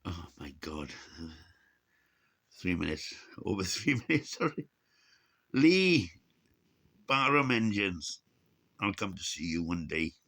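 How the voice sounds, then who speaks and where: Older man rambling in a deep, gravelly voice. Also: expressive, unhurried, bright, forceful tone. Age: 60s. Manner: rambling, chuckling, cursing. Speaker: vlogger. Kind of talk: casual rambling vlog monologue.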